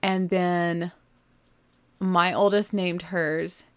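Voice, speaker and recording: A woman in her thirties, a mother, telling a personal story in a chatty, animated way and laughing now and then. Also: fairly low pitch, extremely slow, clean tone. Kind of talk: casual storytelling.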